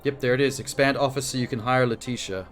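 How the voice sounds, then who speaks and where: A man's voice: medium pitch, fairly even intonation, fast, a bit bright, soft background music. Chatty man streaming a game. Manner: chatty, profane, self-talking while playing. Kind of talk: casual let's-play commentary.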